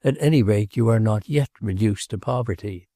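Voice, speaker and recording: A man's voice: lowish voice, moderate pace, mellow, no echo, studio quality, close to an everyday voice. A man voicing a blunt Northern English young man. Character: blunt young working man, plain-spoken radical. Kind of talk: audiobook character reading.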